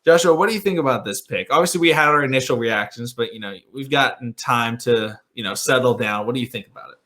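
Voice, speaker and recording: Man, podcast host, bright forceful tone, casual sports chat, lots of ums. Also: mid-range voice, fast talker. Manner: upbeat, many ums and restarts.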